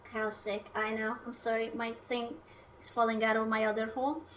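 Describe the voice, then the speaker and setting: A woman's voice: on the high side, little pitch movement, normal speed, fairly bright tone, distant mic, slight background noise. A woman streaming herself cooking at home, chatting casually, rambling, swearing often and talking to her food and her viewers. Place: home kitchen.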